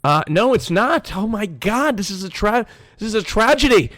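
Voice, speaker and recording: A man's voice: sits high, big pitch swings, normal speed, fairly bright tone. A young man hosting a casual group podcast, rambling through topics with playful emcee patter and many fillers. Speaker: podcast host.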